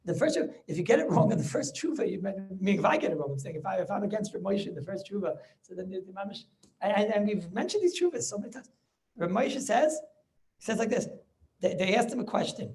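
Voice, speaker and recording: A man's voice: sits high, lively intonation, darkish tone. A man, a rabbi, giving a Talmud lecture over a video call, often restarting his words and checking whether listeners follow. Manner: keeps checking listeners with quick questions; repeats words and restarts as he goes. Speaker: rabbi teaching a class.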